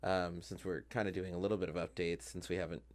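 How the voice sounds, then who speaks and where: A man with a very low, deep voice hosts a casual podcast chat. He talks freely with lots of "um"s and laughs often as he goes. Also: level tone, fast talker. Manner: chatty, many fillers, laughs often. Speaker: podcast host and drag performer.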